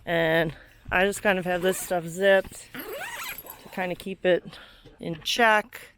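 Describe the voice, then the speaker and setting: A woman's voice: on the low side, wildly swooping pitch, slow pace, fairly bright tone. A young woman films herself outdoors beside her car, talking in a loose, chatty way. She pokes fun at herself, swears now and then, and sounds a little out of breath. Faint noise hums in the background. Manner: chatty, self-deprecating, swears and laughs while working. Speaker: vlogger. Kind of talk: casual solo tutorial vlog. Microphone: handheld camera, moving off frame.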